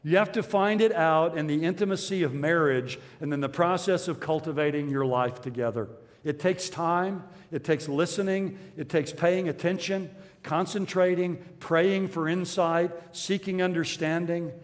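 A middle-aged man preaching a sermon in a church, earnest and measured, repeating his key phrases. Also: on the high side, big-room sound. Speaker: pastor.

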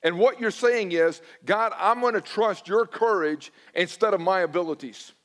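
A man's voice: sits high, normal speed, fairly bright tone. A middle-aged man preaching a sermon as a pastor, telling stories in a conversational, self-deprecating way and acting out his own past dialogue.

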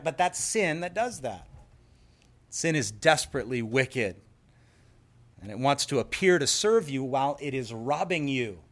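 A man preaching a sermon in an earnest, emphatic way, explaining scripture and telling stories. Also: mid-range voice. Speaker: pastor.

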